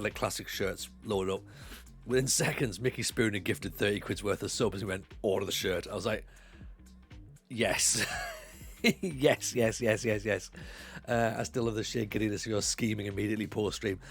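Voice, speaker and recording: Gravelly man chatting on stream. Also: on the low side. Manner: chatty, animated, often laughs. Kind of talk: casual live stream chat.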